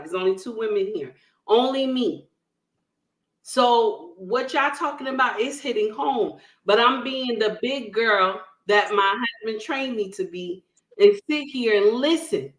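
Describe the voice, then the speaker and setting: A woman's voice: a little high, lively intonation, measured pace. A woman on an online panel telling a personal story, emphatic and checking in with "okay?" and "right?" as she talks. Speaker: panel guest. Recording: roomy echo.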